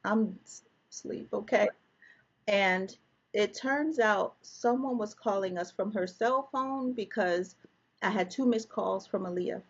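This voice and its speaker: A woman's voice: mid-range voice, measured pace, slightly rough, lo-fi sound. A woman guest telling an emotional personal story, vividly reliving scenes with quoted dialogue.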